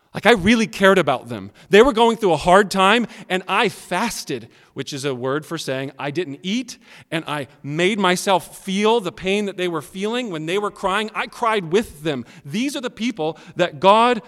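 Man, pastor, fairly high voice, expressive sermon, long hall reverb. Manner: expressive preaching, addresses kids directly.

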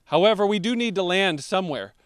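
A man preaching a sermon as pastor, slowing down to stress key words. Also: sits high, expressive, smooth, no echo, studio quality.

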